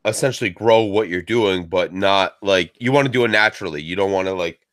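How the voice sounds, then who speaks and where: A man's voice: deep voice, fairly quick, a bit bright, no echo, studio quality. A man hosting a podcast, talking in a rambling, slangy way with some swearing. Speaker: podcast host. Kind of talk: casual chat.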